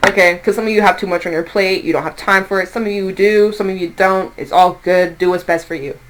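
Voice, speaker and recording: A woman's voice: on the low side, steady tone, brisk, poor audio. A woman giving a casual tarot reading, chatty and reassuring, laughing now and then and swearing lightly. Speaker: tarot reader.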